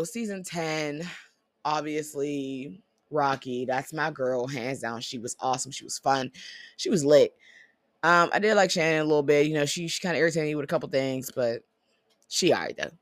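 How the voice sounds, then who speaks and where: A vlogger giving blunt, profane opinions in casual commentary, swinging between loud outbursts and muttered asides. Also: medium pitch, dry recording, studio quality.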